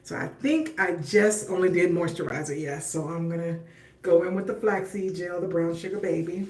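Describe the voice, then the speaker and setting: Picked up by a distant mic in an echoey room, a middle-aged woman speaks at normal speed in a lowish, darkish, steady voice. While she styles her hair on a casual livestream she hosts, she addresses viewers directly in a chatty way and brings up her faith at times.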